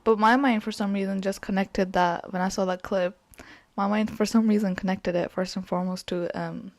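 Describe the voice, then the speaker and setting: A woman in casual podcast chat who keeps asking questions and thinking aloud. Her voice sits mid-range with a touch of vocal fry. The recording is dry and close, as if over a call. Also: mid-range voice, steady tone, normal speed, darkish tone, no room sound. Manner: curious, asks many questions, thinks aloud. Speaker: podcast co-host. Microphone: remote call.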